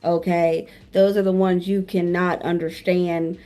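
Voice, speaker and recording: A woman's voice: fairly low pitch, flat delivery, a little slow, dark tone, faint music behind. A young woman from New Orleans, a streamer guest, talking frankly and casually in an interview. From New Orleans, Louisiana. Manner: candid, frank, laid-back.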